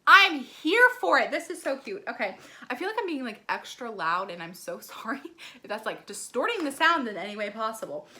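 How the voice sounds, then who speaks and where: A woman beauty vlogger gushing through an excited unboxing, gasping often and filling her talk with "like" and "oh my gosh.". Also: fairly high pitch, fairly quick. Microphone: ring light setup, desk camera.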